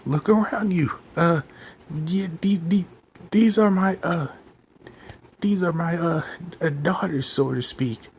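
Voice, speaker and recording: A man's voice: fairly high pitch, slow, pauses often, darkish tone, a little hiss or hum, pitched above the performer's own voice. A man voicing a fourteen-year-old boy hero in a fan story, stammering and rambling as he explains himself. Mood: flustered.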